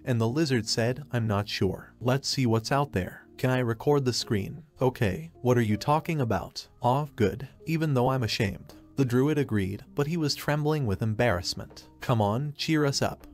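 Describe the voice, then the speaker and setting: Brief: male narrator for an anime recap, even read, mid-range voice, no character voices. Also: medium pitch, normal speed, few pauses. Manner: reads all characters' lines in one even voice. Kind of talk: scripted narration.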